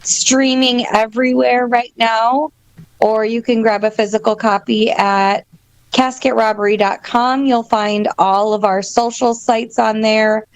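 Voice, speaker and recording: Slow-talking Wisconsin woman guest. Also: on the high side, clear, resonant tone, no echo. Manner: relaxed, laughs often, says um a lot. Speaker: band member, guest. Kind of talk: casual chat.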